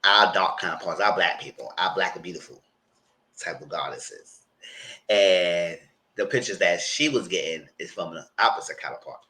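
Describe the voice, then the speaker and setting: A man with a New York accent giving a casual, animated recap of a TV episode and acting out what people said. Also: deep voice, moderate pace, rough recording. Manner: animated storyteller, acts out quotes. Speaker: TV show reviewer.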